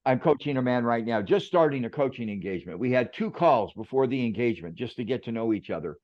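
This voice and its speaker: A man's voice: medium pitch, expressive, quick pace, muffled recording. A man who is a management expert, a guest on a podcast, telling reflective stories in a conversational way. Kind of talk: conversational storytelling.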